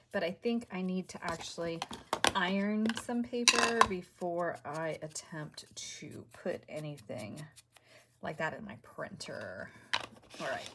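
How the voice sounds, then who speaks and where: A woman's voice: fairly low pitch, slight background noise. A woman hosting a crafting video, chatting casually and half-muttering to herself as she works at home.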